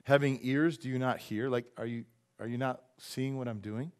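A man preaching a sermon in a church, animated and joking, acting out quick voices for the people he talks about. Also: mid-range voice, clear, resonant tone. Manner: animated, acts out voices and jokes with the congregation. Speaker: pastor.

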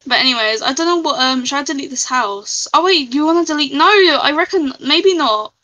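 Woman streamer, bright and giggly, casual game chat. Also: high-pitched, lively intonation, fairly quick, muffled recording. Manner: chatty, giggly, reads out chat. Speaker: live streamer. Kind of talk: casual live-stream chat while gaming.

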